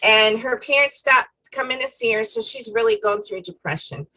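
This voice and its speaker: A woman co-hosting a casual faith-themed chat, retelling a story in an animated way with many fillers. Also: high voice, normal speed, vocal fry, poor audio. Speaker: co-host.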